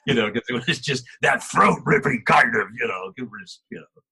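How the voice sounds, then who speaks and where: An older male voice actor chatting in an interview, animated, laughing often and acting out quotes. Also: medium pitch, normal speed, vocal fry, slightly rough. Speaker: voice actor guest. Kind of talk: casual interview chat.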